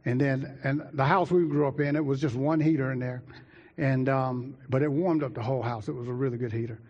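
Lively preacher man telling a story. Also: medium pitch, fairly quick, lo-fi sound. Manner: lively, talks to the congregation directly. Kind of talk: sermon storytelling.

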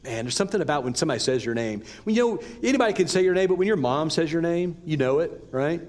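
A male pastor delivering a sermon in a relaxed, conversational way, mixing scripture reading with casual asides. His voice sits somewhat high and swings widely in pitch as he leans into his points. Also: fast talker. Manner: conversational, animated preaching with asides.

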